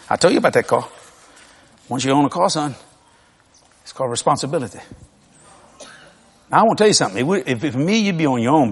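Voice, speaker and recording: Man doing a no-nonsense dad laying down the law, deeper and firm. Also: husky, long reverb tail, full character voice. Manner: lowered voice, firm lecturing. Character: gruff no-nonsense father lecturing son.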